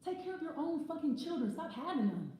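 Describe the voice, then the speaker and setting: A woman's voice: high voice, very animated, fairly quick, dark tone, very echoey, a little hiss or hum, low-quality recording. A woman giving a casual tarot reading, ranting bluntly and swearing freely. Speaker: tarot reader.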